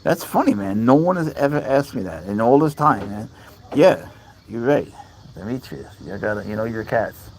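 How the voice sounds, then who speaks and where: A man speaks in a relaxed, chatty way as he talks to viewers on a casual stream, reading their comments aloud between remarks. His voice sits at an ordinary pitch. He is outdoors at night, with faint crickets chirping behind him. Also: normal speed, slight background noise, low-quality recording. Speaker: cat owner livestreaming. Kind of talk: casual livestream chat. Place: outdoors at night among bugs.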